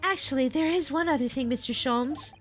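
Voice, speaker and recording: A courteous, earnest young woman assistant speaks in a very high, careful voice, as a streamer puts her on. Her manner stays formal and gentle. Faint game music runs behind her. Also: fairly quick, lightly acted. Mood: polite.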